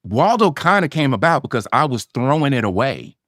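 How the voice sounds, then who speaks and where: A man's voice: medium pitch, very animated, fairly quick, a bit bright, dry recording, studio quality. A middle-aged man, an actor guest on a podcast, telling an audition story and acting out his own past lines with laughs and swearing.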